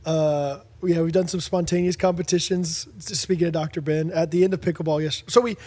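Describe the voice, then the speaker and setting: A man with a slightly high voice talks a little fast while co-hosting a podcast. In casual chat, he tells stories animatedly and acts out the dialogue.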